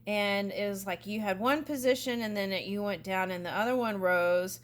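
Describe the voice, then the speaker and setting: A woman's voice: mid-range voice, moderate pace. A woman giving a casual spiritual card reading, reading passages aloud and chatting about them with frequent little asides. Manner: chatty, reads aloud then comments, giggly asides. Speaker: tarot reader.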